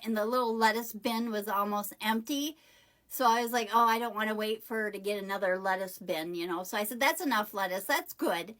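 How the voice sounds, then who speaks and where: A woman's voice: on the high side, a bit bright. A woman vlogger telling a personal story to the camera in a casual, rambling way, often correcting herself. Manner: chatty, rambling retelling with self-corrections.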